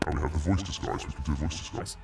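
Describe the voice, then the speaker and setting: A man demoing a voice changer, voicing a gravelly deep male monster with a monster voice effect. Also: steady tone, rapid-fire. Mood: menacing. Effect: monster voice changer, pitched far down. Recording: long reverb with loud music behind.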